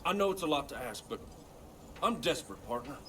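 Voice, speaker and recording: A man's voice: medium pitch, big pitch swings, fairly quick, distant mic, noisy background, natural voice. An actor playing a desperate pilot and expecting father in a video game, pleading and swearing.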